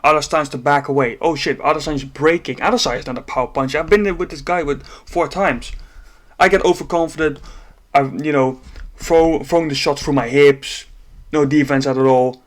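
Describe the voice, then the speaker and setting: A man's voice: a little high, steady tone, a little fast. A man breaking down a fight in a casual, profane rant, exasperated and laughing at times. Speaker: MMA commentator.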